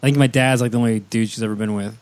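A man's voice: medium pitch, steady tone, very fast, a little mellow. A man co-hosting a casual comedy podcast, telling crude stories and laughing as he goes. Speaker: podcast co-host.

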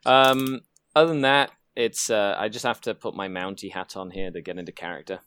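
A man's voice: fairly low pitch, steady tone, fairly quick, fairly bright tone, smooth. A man from Canada, a guest on a podcast, talking casually about his team with lots of restarts. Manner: rambling, many fillers and restarts. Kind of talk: casual chat.

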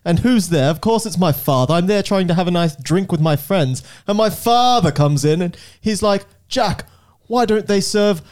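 A man's voice: high-pitched, expressive, moderate pace, a little mellow. A man voicing a posh, flustered young British comedian who sounds airy and exasperated. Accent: posh English.

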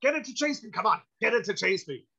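A man's voice: high-pitched, big pitch swings, quick pace, vocal fry, sharp tone, slightly rough, exaggerated voice. A man voicing a spaced-out, impaired older actor who keeps urging the same odd request, on a muffled lo-fi recording. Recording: muffled lo-fi audio.

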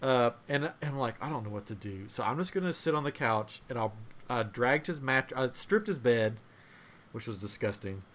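A young man on a podcast telling a long family story in casual chat, animated and laughing as he acts out voices. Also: medium pitch, moderate pace. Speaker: podcast host.

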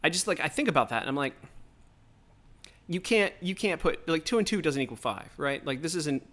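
A man's voice: on the high side, animated, fairly quick, a bit bright. Fired-up man ranting solo. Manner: heated, profane, rambling rant. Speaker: podcast host. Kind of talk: solo political rant.

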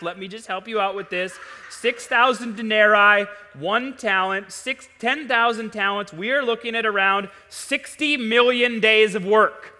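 A male pastor preaching a sermon in a church, talking in an animated way and rising to loud, emphatic peaks. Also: high-pitched. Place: church sanctuary. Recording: long hall reverb.

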